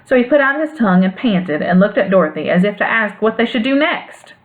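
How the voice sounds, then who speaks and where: A woman narrating a classic storybook aloud in an expressive, lilting way. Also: mid-range voice, brisk. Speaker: audiobook reader. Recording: phone-like narrow band sound.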